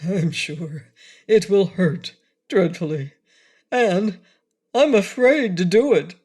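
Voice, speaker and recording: A woman doing a loud, trembling cowardly lion. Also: low-pitched, slow, heavily acted. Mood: fearful. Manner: loud, quavering, near tears. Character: timid, trembling male lion.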